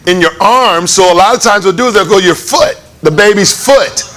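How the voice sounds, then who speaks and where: Male pastor, sermon, lively storytelling delivery, higher bright voice. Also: brisk, soft background music. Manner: animated, conversational, acts out voices with laughs. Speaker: preacher. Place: church hall.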